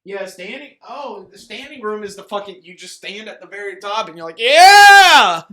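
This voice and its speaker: Bright-voiced young man swearing casually. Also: high-pitched, brisk. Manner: profane, joking, laughs often. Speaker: podcast co-host. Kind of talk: casual chat.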